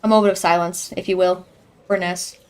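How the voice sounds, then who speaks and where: A young woman giving live esports commentary in a chatty, excitable way, reacting loudly to each play. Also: lowish voice, a little fast, clear, resonant tone. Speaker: esports caster.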